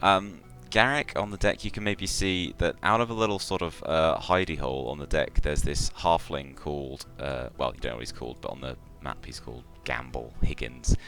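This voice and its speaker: A man's voice: extremely low pitch, steady tone, normal speed, hardly any pauses, a bit bright, soft background music. A man narrating a tabletop game as game master, hesitant, with many fillers and restarts.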